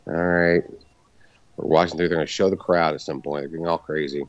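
A man's voice: rumbling low, a little fast, no echo, highs cut off. A man co-hosting a podcast in casual chat, laughing and swearing freely. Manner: lively, swearing, laughing often. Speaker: podcast co-host.

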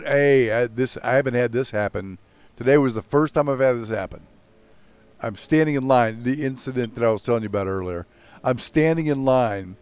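A man's voice: medium pitch, no echo. An older man hosting a casual podcast chat, ranting with lots of profanity and mocking himself.

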